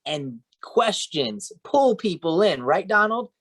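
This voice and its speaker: A man's voice: high-pitched, big pitch swings, slow pace, a bit bright. A man training a sales team, coaching and encouraging, often checking in with "right?" and "okay?".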